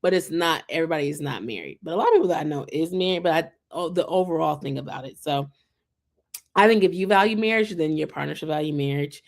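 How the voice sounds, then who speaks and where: A young woman from the United States talks casually to her viewers with a slightly low voice. She rambles in a chatty, animated way, fills her talk with "like" and "um", and drops in "child" as an aside. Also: fast talker, gravelly. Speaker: vlog host reviewing a reality show. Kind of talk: casual chat to camera.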